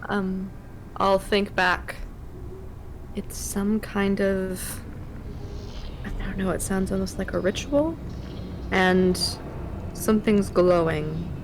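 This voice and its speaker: A woman's voice: mid-range voice, slow pace, pauses often, background noise. A woman player in an online tabletop game, speaking politely and formally to the game master. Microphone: online voice call.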